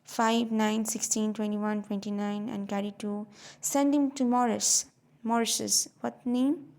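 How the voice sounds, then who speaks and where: A fussy sixty-year-old clerk, prim and easily flustered, read by a woman. The voice carries a gravelly rasp at a middling pitch. He frets over rules and office propriety. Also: steady tone, a little slow, a little mellow. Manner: fussy, flustered, murmuring figures.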